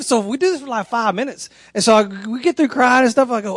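A man in his 30s preaches a sermon by way of a folksy, conversational story, and his voice climbs high whenever he gets excited. He talks fast, and the recording has no room sound.

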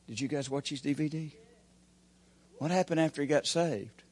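A man preaching a sermon as pastor, with folksy grammar, swinging from shouted peaks to hushed, quiet lines. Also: a little high, normal speed.

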